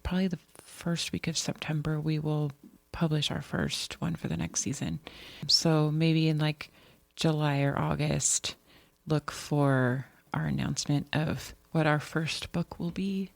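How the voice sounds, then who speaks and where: Brief: woman co-host, gravelly fry, chatty and rambling, dry close sound. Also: deep voice, measured pace, no echo. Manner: chatty, rambling with frequent restarts. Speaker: podcast co-host. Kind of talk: casual chat.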